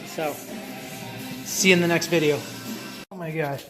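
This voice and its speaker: A man's voice: on the high side, steady tone, unhurried, music in the background. A man talking casually through his own car repair job in a DIY vlog, rambling and talking to himself as he works. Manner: rambling, self-talking, chatty with restarts. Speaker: car hobbyist vlogger.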